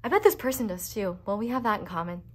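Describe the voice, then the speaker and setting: A tarot reader does a laid-back pick-a-card reading, her mid-range voice quick and expressive. She rambles chattily, sprinkling in "like" constantly and tossing off playful jokes at her own expense.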